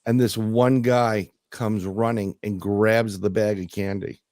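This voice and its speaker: A middle-aged man co-hosting a podcast, telling a profane story in a loose, animated way. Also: lowish voice, slow pace, dry recording. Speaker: podcast co-host. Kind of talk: casual podcast chat.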